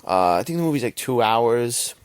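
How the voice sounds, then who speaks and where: A man's voice: mid-range voice, expressive, moderate pace, clean tone, no room sound. A young man hosting a podcast, giving a rambling, profane casual movie review and often checking in with "right?". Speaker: podcast host.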